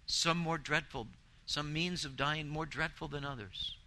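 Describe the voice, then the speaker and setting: A pastor delivers a sermon in a fairly high, sharp voice, unhurried yet earnest and emphatic, building intensity through repeated phrases. The recording quality is low.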